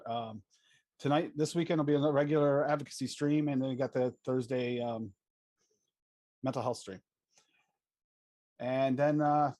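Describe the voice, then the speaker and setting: A man co-hosting a casual livestream who rambles, pausing on many fillers. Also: mid-range voice, dark tone, no echo. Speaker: livestream co-host and advocacy streamer.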